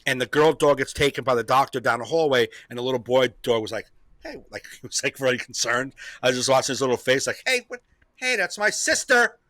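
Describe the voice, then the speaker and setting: A man's voice: mid-range voice, steady tone, quick pace, hardly any pauses, fairly bright tone, no echo. A man hosting a comedy podcast, telling a rambling story in casual chat, repeating himself and laughing often.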